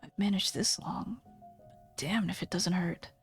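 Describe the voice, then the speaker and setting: Woman doing a wounded young man, strained and low. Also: a little slow, faint music behind. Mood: pained. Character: wounded young man, grim and enduring pain. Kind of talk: game voice-over reading.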